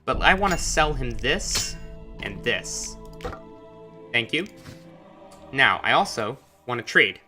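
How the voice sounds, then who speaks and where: A man's voice: mid-range voice, sing-song, takes it slowly, long pauses, over music. A man giving casual, chatty commentary while playing a video game, with musing asides. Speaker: gameplay commentator. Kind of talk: casual let's-play commentary.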